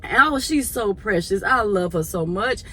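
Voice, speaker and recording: A woman and church volunteer telling a casual story to her viewers in a chatty, animated way. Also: mid-range voice, normal speed, breathy edge.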